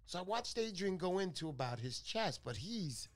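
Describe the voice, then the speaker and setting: This radio show host's voice sits high, swinging widely in pitch at a normal speed. He spins casual talk-show stories, chatty and joking, wandering away from the subject.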